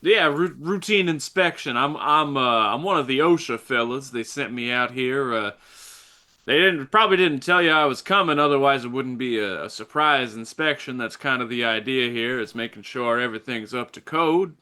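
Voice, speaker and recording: Brief: a man playing a cocky cowboy faking an inspection, folksy and bright-toned. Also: medium pitch, moderate pace, close to an everyday voice. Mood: bluffing. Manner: folksy, bluffing. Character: brash cowboy-booted man posing as safety inspector.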